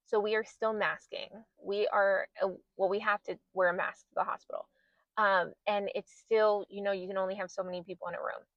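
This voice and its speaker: A woman's voice: mid-range voice, little pitch movement, brisk, dry recording, highs cut off. A woman in her thirties hosting a podcast, telling a personal story in a candid, emotional way. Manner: candid, emotional, re-enacts her own past words. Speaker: podcast host.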